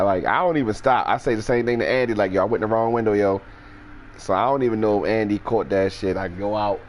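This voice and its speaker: Low-voiced guy telling a crazy story, lots of cussing, faint hiss behind. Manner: animated, profane, jumps into high-pitched quoted voices. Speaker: storyteller host. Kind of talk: casual storytelling.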